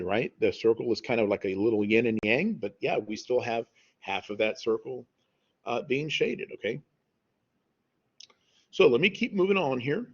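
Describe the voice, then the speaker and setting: A man with a husky, slightly breathy voice walks through math problems in a relaxed, conversational tone, checking in with "okay?" as he goes. The audio is dull and lo-fi, like a home screen recording. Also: medium pitch. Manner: conversational, says "y'all" and "okay?" often. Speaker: math teacher.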